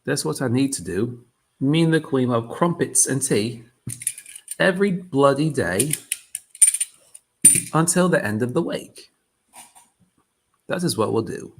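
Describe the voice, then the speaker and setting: A man's voice: mid-range voice, expressive, measured pace, long pauses, a little hiss or hum, pitched above the performer's own voice. A man doing a joking half-London, half-American impression in a hammy mock London accent. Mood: playful. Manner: hammy, exaggerated, teasing.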